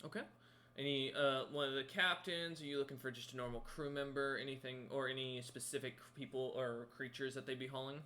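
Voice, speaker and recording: A man's voice: mid-range voice, fairly even intonation, brisk, bright, forceful tone. A man narrating a tabletop game as game master, rambling with many fillers. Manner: rambling, lots of ums and kinda.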